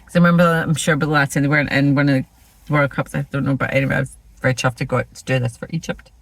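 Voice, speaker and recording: A woman's voice: extremely low pitch, level tone, rapid-fire, dry recording, low-quality recording. A Scottish woman chatting casually and rambling about her stitching projects in a self-deprecating way. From Scotland. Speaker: flosstube host. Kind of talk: casual chat showing cross-stitch projects.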